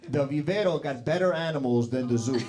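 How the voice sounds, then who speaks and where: A man's voice: mid-range voice, brisk. A man in his forties doing stand-up comedy on a club stage, talking brashly, swearing, and teasing the crowd into a handheld mic. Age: 40s.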